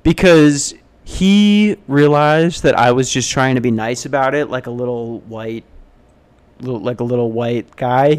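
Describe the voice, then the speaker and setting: A young man from the United States talks his way through stories on his own casual podcast. He rambles and pokes fun at himself, and now and then slips into high mock voices. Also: moderate pace. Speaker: podcast host. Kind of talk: solo casual podcast storytelling. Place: hotel front desk.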